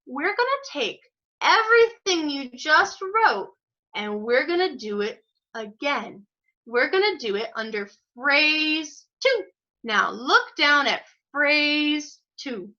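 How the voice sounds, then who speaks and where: A woman teaching an online group music lesson, giving slow step-by-step instructions and praising students by name. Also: sits high, bright, forceful tone. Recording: dull lo-fi audio.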